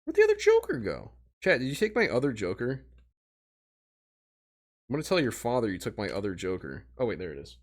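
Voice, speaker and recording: Young man, from Missouri, casual livestream chat, lively up-and-down pitch, self-mocking. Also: a little fast, pauses often. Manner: animated, self-mocking, talks straight to chat.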